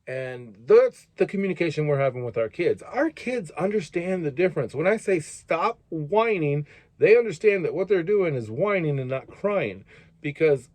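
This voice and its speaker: A man talks in an earnest, emphatic and slightly preachy way as he gives fatherly advice. His voice sits fairly high and swings up and down with lots of expression. The recording is dry and close, with no room sound. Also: big pitch swings, moderate pace, darkish tone, no echo. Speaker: father giving life advice, channel host. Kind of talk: casual advice monologue to camera.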